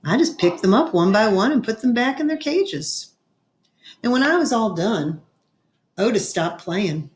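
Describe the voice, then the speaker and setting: A woman's voice: medium pitch, expressive, a little slow. Woman reading a children's novel aloud. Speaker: reader. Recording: echoey room.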